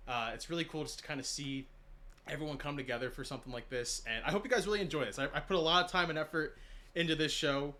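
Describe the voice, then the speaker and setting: A man hosting his own stream's awards show, excitable and rambling, a bit out of breath. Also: fairly high pitch, quick pace. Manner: excitable, rambling, self-deprecating. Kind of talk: casual live-stream hosting.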